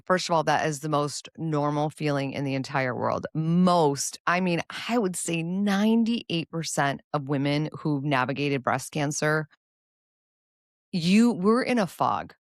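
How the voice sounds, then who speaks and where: A woman's voice: low voice, dry recording, clean studio sound. A woman guest on a podcast who talks in an earnest, encouraging way as she gives advice. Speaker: guest, cancer survivor. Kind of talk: casual interview chat.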